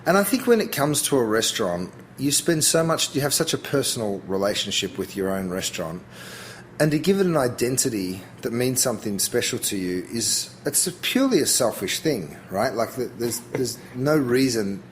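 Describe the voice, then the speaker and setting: Man, Australian accent, chef guest, casual talk, middle pitch, rambling restarts. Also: big pitch swings, moderate pace, a little hiss or hum. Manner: chatty, thinks aloud with frequent restarts. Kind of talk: casual interview chat.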